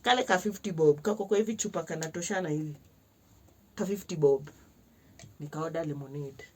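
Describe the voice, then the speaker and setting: Husky low-voiced Kenyan woman. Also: brisk. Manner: animated, mixes slang-heavy Swahili with English; acts out the other people's lines. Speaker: vlogger. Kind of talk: casual storytelling to camera.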